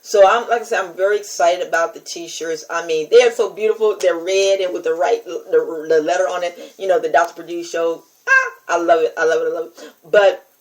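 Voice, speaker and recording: An older American woman, a preacher with her own podcast, speaks directly to listeners in a casual monologue that is emphatic, repetitive and testifying. Her voice is lowish and fairly quick, and the recording quality is low.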